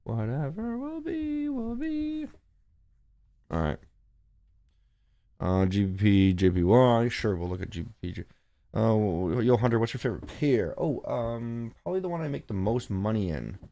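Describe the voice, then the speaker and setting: A man's voice: fairly low pitch, expressive, a little fast, vocal fry, dark tone. A man hosting a casual trading livestream, rambling and swearing as he reads charts and shoos his cat. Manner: rambling, profane, talks to his cat and chat. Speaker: forex trading livestream host. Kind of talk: casual live-stream commentary.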